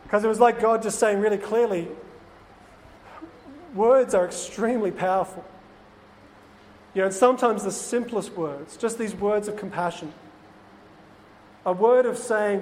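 A man's voice: high-pitched, normal speed, long pauses, a little mellow. A man who is a priest, telling an earnest, confiding personal story to lay people. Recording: faint noise, long hall reverb.

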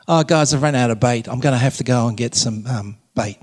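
A man's voice: mid-range voice, brisk, a little mellow, voice pushed down, close to an everyday voice. A man voicing an easygoing Catholic priest in a joke, speaking matter-of-factly, in a hall with long reverb. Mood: offhand.

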